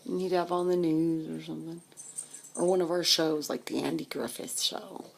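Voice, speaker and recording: A woman in her fifties reminisces about her childhood, animated and chatty, acting out other people's voices as she goes. Her speaking voice is low, with a gravelly, husky texture. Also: normal speed. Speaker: storyteller recalling her childhood. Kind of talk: personal storytelling.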